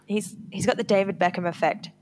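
A woman co-hosting a podcast, talking in a candid, self-deprecating way. She laughs often between her lines. Her voice sits at an ordinary middle pitch. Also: steady tone, brisk, a little mellow. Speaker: podcast co-host. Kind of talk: casual chat.

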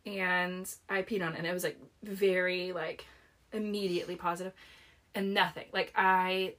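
A young woman co-hosting a casual chat, telling stories in an animated way and acting out what people said. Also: lowish voice, normal speed. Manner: animated, laughing, acts out quotes. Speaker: podcast co-host.

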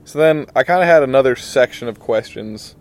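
A young man hosting a casual podcast interview. He talks in a relaxed, rambling way and often calls people "man". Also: mid-range voice, fairly quick. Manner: laid-back, rambling, says "man" a lot. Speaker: podcast host.

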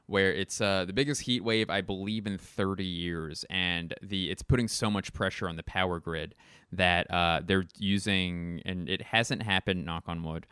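A man's voice: low-pitched, steady tone, normal speed, bright, forceful tone, smooth, dry recording, clean studio sound. A young man hosting a podcast, riffing in a rambling, sardonic way and swearing casually. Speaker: podcast host. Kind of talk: casual comedic monologue.

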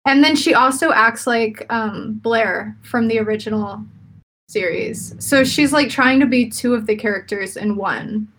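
A woman's voice: a little high, measured pace, fairly bright tone. Chatty opinionated young woman. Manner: chatty, opinionated, laughs often. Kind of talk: casual chat.

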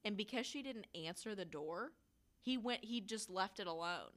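A woman's voice: medium pitch, lively intonation, moderate pace, a bit bright. A woman co-hosting a casual true-crime podcast, telling the story loosely with lots of swearing and acted-out quotes. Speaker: podcast co-host.

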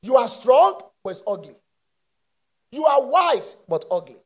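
A man preaching a sermon with impassioned call-and-response and shouted peaks. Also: very high-pitched, very animated, a little slow.

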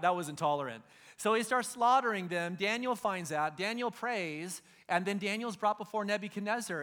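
A man's voice: high-pitched, a bit bright. A middle-aged man preaching a sermon, retelling Bible stories in casual slang and acting out the figures. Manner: casual storytelling, acts out biblical figures in slang. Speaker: pastor.

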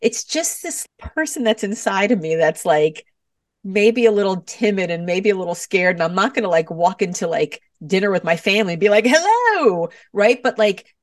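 A woman's voice: fairly low pitch, dry recording, clean studio sound, recorded from a distance. A middle-aged woman, an author and podcast guest, talking animatedly and acting out voices as she tells stories. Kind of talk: podcast interview.

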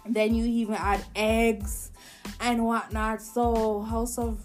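A woman's voice: on the high side, little pitch movement, takes it slowly, darkish tone, soft background music. A woman hosting a show. She chats casually with strong opinions and often restarts her sentences. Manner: chatty and opinionated, frequent restarts. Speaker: podcast host reviewing shows. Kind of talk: casual chat.

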